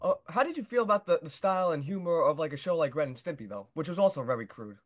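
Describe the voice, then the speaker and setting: A male interviewer with a slightly high voice asks his questions fast and eagerly. The chat is casual and relaxed.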